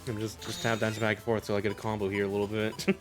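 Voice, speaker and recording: His voice is on the low side with little pitch movement, and he talks quickly. Narrating his own recorded gameplay as a streamer, he rambles, laughs frequently and keeps padding his speech with "a little bit," while faint game music plays.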